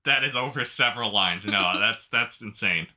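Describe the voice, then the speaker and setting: Lowish, sharp-voiced joking man co-host. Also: moderate pace. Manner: dry joking banter. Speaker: podcast co-host. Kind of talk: casual chat, reading online stories aloud.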